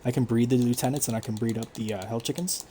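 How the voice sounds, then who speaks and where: A man's voice: mid-range voice, fast talker, a little hiss or hum. Casual male gameplay streamer. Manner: relaxed, explanatory, frequent fillers. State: hiccups. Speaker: gaming streamer.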